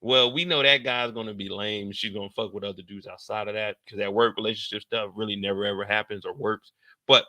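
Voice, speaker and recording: Male live-stream host, casual reaction commentary; very bright, tense tone, close and dry; animated, slangy delivery. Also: dry recording. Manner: animated slangy storytelling with sudden loud, high outbursts.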